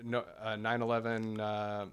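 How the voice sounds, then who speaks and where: A man guesting on a casual podcast, laughing easily and talking in halting bursts with fillers. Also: fairly low pitch, monotone, a crowd in the background.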